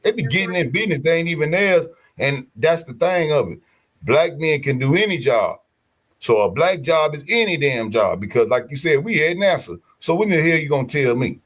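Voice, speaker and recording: A man telling stories in casual podcast chat, animated, slangy and profane. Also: on the high side, normal speed.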